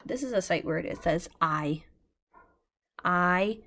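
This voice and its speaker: An American woman teacher giving a patient, slow phonics lesson over a shared screen, sounding out words letter by letter. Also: lowish voice, lively intonation, heavy background noise.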